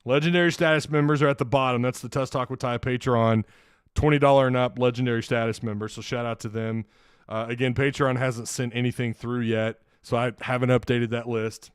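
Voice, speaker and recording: A man's voice: medium pitch, fairly even intonation, brisk, clean tone, dry recording. A man hosting a casual sports livestream from his home studio, rambling and getting flustered over tech trouble. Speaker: sports podcast host.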